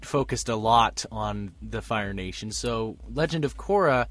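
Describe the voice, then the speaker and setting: A man's voice: lowish voice, animated, a little slow, a bit bright. A man co-hosting a casual podcast chat, laid-back and reasoning aloud. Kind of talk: casual group chat on a call.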